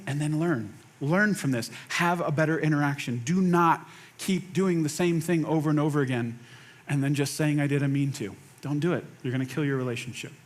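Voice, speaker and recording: Guy preacher w a pretty high voice, chatty sermon, acts out little quotes, says stuff twice for punch. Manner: animated, acts out quoted lines, repeats phrases for emphasis. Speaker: pastor. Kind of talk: conversational sermon.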